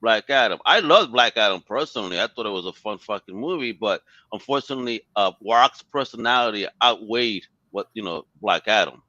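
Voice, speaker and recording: A man's voice: on the low side, animated, fairly quick, few pauses, sharp tone, no echo, muffled recording. A man co-hosting a casual live talk show, blunt and opinionated, swearing heavily.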